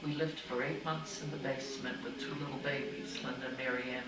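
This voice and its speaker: A woman's voice: a bass voice, fairly even intonation, a little fast, very noisy. An older woman recounting her family's history in an oral-history interview, telling anecdotes and acting out remembered quotes. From United States. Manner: warm anecdotal storytelling with acted quotes. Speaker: storyteller. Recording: echoey room, far from the mic, music behind.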